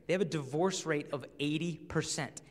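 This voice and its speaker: A young man giving a lively, story-driven talk to a crowd of teenagers. He slips into the voices of the people in his stories as he goes. His voice sits a little high and rings out with the long echo of a big hall. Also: normal speed. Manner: animated storyteller who acts out voices. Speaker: chastity speaker. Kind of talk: live talk to a young audience. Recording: reverberant hall.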